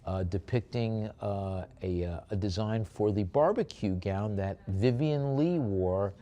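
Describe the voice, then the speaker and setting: Speaking unhurriedly in a mellow, lowish voice, a male auctioneer calls bids and describes artwork lots in an auction room. Between calls he tosses in chatty, joking remarks.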